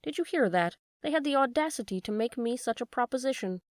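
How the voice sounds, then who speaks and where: A woman voicing an earnest, proud wooden marionette boy in a storybook reading, with low, subdued replies. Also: animated, brisk, no room sound, clean studio sound, lightly acted. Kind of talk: storybook read-aloud.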